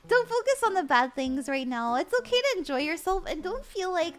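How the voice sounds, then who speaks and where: A woman's voice: extremely high pitch, big pitch swings, normal speed, soft background music. A young woman reading tarot live for her viewers, bubbly and giggly as she chats. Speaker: tarot reader streamer.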